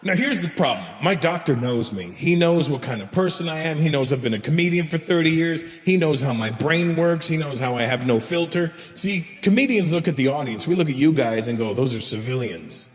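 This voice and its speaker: A man's voice: a little high, animated, fairly quick, hardly any pauses. A man doing a stand-up comedy set, telling a crude story and acting out both sides of the dialogue. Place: large live venue with laughing audience. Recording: roomy echoing hall, faint ambience.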